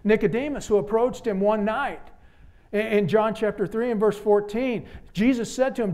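A man preaching a sermon with a fairly high voice. His delivery is dramatic, dropping to hushed, earnest appeals and rising to loud exclamations. He speaks from a church pulpit. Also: steady tone, moderate pace. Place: church sanctuary.

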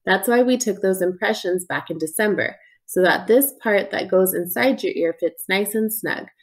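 A woman's voice: medium pitch, normal speed, natural voice. A woman reading the lines of a friendly, joking male ear doctor in an audiobook, with an easygoing, reassuring manner.

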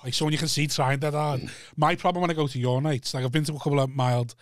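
A man's voice: on the high side, fairly even intonation, fast, no room sound, clean studio sound. A man co-hosting a podcast, talking casually and eagerly, with some swearing. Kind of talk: casual chat.

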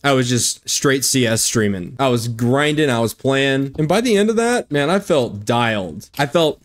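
A young man streaming a shooter game, commenting on his own play in an excitable, foul-mouthed way. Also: mid-range voice, moderate pace. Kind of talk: live gameplay commentary.

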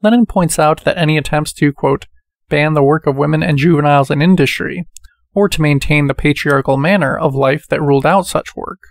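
A man reading a book aloud in a measured way, speaking the quotation marks as he goes. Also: fairly high pitch, steady tone, creaky, dry recording, clean studio sound. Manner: measured, reads quotations with quote marks spoken. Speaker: audiobook reader.

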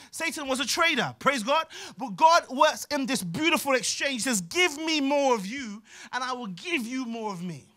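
A man preaching a sermon with a London accent, emphatic and repetitive, often dropping to quieter asides. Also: extremely high pitch. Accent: London English. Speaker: pastor.

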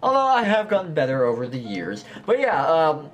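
A man's voice: on the high side, wildly swooping pitch, normal speed, noisy background. A man with a slight lisp giving rambling, self-deprecating commentary while he plays a game. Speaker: gameplay commentator. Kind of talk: casual let's-play commentary.

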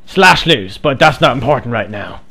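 Gravelly, animated man trolling voice chat. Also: medium pitch, normal speed. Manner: mock-earnest, playfully provocative. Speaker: game streamer trolling players. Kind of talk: trolling voice chat over gameplay.

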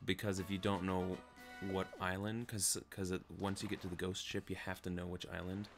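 A man's voice: low voice, level tone, fairly quick, over music. A man playing a video game, casually explaining what he does and defending his choices, humming to himself. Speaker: let's play player. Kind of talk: casual gameplay banter.

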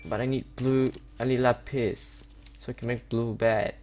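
His mid-range voice is a little mellow with fairly even intonation at a normal speed, and there's slight background noise. Recording on a desktop webcam setup, the Minecraft YouTuber complains through gameplay commentary, upset, repetitive and stumbling.

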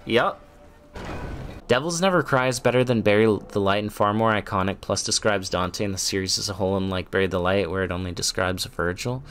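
A man's voice: on the low side, fairly quick, fairly bright tone, faint music behind. A man giving casual, rambling gaming commentary, goofy and laughing often.

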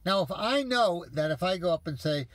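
A man's voice: sits high, lively intonation, normal speed, a bit bright, no room sound. A man telling viewers an exasperated story in a casual, profane rant. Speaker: vlogger ranting to viewers.

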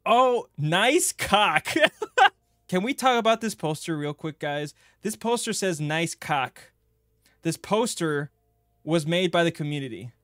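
Young guy streaming a game, jokey and crude, yelps a lot, kinda high voice, super dry close sound. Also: measured pace, dry recording. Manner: excitable, joking, crude, bursts into loud yelps. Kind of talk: gaming playthrough commentary.

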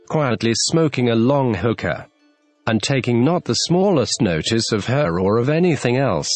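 A man narrating a classic children's story with an expressive, lively reading. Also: medium pitch. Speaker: audiobook narrator.

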